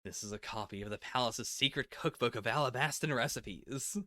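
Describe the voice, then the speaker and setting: A man's voice: mid-range voice, brisk, sharp tone, no echo, studio quality. A man giving a casual, rambling live reaction to manga chapters, full of "like" and little laughs. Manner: rambling and chatty, lots of "like" and laughs. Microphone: laptop setup.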